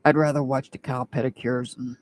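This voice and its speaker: A woman's voice: rumbling low, steady tone, brisk, a little mellow, a little hiss or hum. A woman doing a live-stream tarot reading, chatting and rambling with her viewers and laughing often. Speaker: tarot reader.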